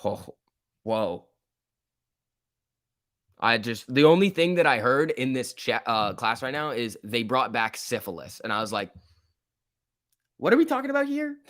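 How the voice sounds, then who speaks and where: An excitable young man chats through a live stock-market stream, laughing easily and reacting to the chat as it scrolls by. His voice sits in a middle register and sounds dry and close, with no room echo around it. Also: medium pitch, measured pace, pauses often. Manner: excitable, laughs often, reads chat aloud. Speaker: stock livestream host.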